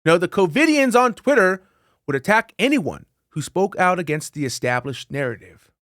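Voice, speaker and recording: A man with a high, very lively voice hosts a casual commentary show, profane and quick to laugh as he reads headlines aloud. His voice is close and dry, with no room sound around it. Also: dry recording. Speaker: podcast host.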